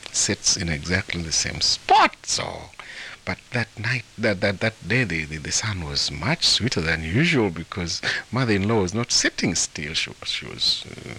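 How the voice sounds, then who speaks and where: Animated male storyteller from Africa, lively and chuckling. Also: low-pitched, normal speed, breathy edge. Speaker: author and translator of folktales. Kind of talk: storytelling in an interview.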